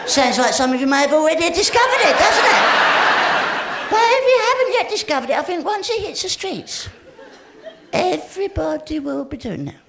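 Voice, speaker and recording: A woman's voice: high voice, big pitch swings, a little fast, vocal fry. A woman performing a live stand-up comedy routine, cheeky and rambling, talking straight to the audience. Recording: echoey live room with crowd laughter and noise. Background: audience laughter.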